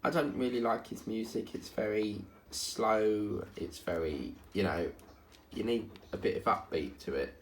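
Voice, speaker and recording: A man's voice: lowish voice, measured pace. A man vlogging as he does his diamond painting, chatting in a rambling, chatty way. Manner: rambling, chatty, hums and sings snippets. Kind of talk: casual chat while crafting. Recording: echoey room with faint noise.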